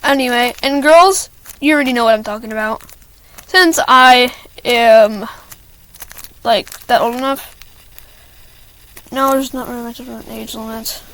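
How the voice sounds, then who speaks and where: A woman's voice: a little high, a little slow, pauses often, fairly bright tone, low-quality recording. A teenage girl ranting to camera about school, rambling with lots of fillers and restarts and stopping to apologize. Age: teens. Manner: apologetic asides. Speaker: student venting to camera. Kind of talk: casual rant.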